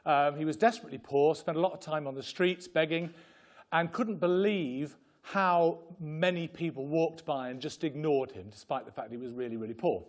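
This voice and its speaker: A man's voice: a little high, moderate pace. A man presenting at a fundraising seminar in a joking, impassioned way, speaking to a room. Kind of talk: humorous seminar talk. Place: conference room with an audience.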